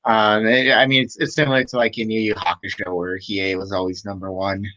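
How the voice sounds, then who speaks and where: A man's voice: lowish voice, level tone, fairly quick, bright, forceful tone, slight background noise. A man leading a casual discussion stream in an easygoing way, asking his co-host the questions. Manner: easygoing, moderating, asks the questions. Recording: dull lo-fi sound over an unstable online call.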